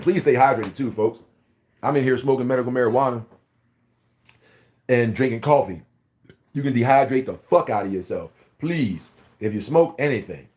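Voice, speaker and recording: A man's voice: medium pitch, a little mellow. A man in his forties from Philadelphia, with a Philadelphia accent, ranting bluntly and profanely in a casual video monologue. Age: 40s. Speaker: vlogger.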